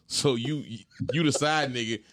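Animated male storyteller, dry sound. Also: medium pitch, measured pace, no room sound. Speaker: podcast co-host. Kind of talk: casual chat.

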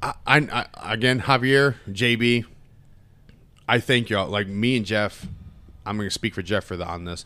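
A man's voice: on the low side, fairly even intonation, moderate pace, pushed and bright. A man hosting a casual podcast, laid-back and slangy, swearing freely. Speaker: podcast host.

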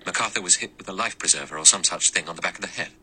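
A man voicing a shaken, nervous doctor who talks quick and tense. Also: low voice, sharp tone, a little hiss or hum.

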